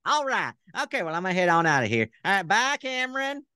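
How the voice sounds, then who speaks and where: Goofy Southern puppet host, high and cheery, played by a man. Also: very animated, fast talker, sharp tone, clean tone, no room sound, studio quality, exaggerated voice. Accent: American Southern. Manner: cheery, sing-song, high and bouncy.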